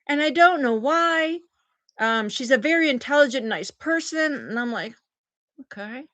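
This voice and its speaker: A woman's voice: high voice, normal speed. A woman live-streams from her phone, chatting with her viewers and thanking them for gifts. Her voice swings around a lot as she tells the story. The sound is dry and close, with almost no room echo. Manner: animated storyteller, acts out quotes in big voices. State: recovering from oral surgery. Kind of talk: casual live-stream chat.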